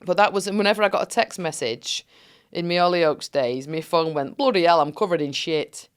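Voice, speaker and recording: A woman's voice: fairly low pitch, fairly quick, clean tone. Woman, podcast co-host, giggly anecdotal chatter. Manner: animated storyteller, laughs often, acts out quotes. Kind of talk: casual chat.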